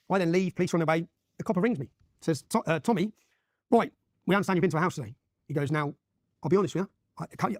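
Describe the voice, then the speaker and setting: A man's voice: on the high side, darkish tone, no room sound, studio quality. A man from Luton, telling his own story as an interview guest, emphatic and often checking in with "yeah?". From Luton, England. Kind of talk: animated personal storytelling.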